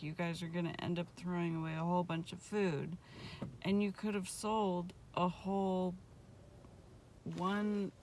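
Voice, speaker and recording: Middle-aged woman doing a food review vlog, slow rambly chat, low raspy voice, bit of background noise. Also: rough recording. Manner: chatty, rambling, lots of "like" fillers. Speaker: food vlogger. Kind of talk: casual food review monologue. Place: restaurant.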